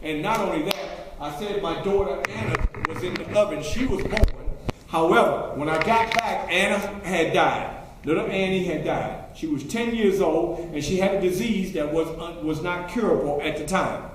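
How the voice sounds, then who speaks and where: A man's voice: high-pitched, normal speed, background noise. A man performing a historical figure in first person, telling his life story in a folksy way and quizzing the audience. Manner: folksy, asks the audience questions. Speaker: historical reenactor. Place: library event room. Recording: very echoey room, faint ambience.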